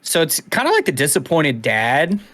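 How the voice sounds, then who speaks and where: A young adult man co-hosting a podcast, talking in a rambling, animated way with casual swearing. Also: on the high side, normal speed, dry recording. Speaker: podcast co-host. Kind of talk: casual chat.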